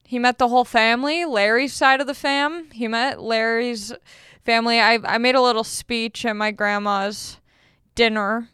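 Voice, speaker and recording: A woman's voice: fairly high pitch, a bit bright, smooth, no room sound, clean studio sound. A young woman, a comedian hosting a podcast, telling stories in casual, self-deprecating chat. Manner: chatty, self-deprecating storytelling.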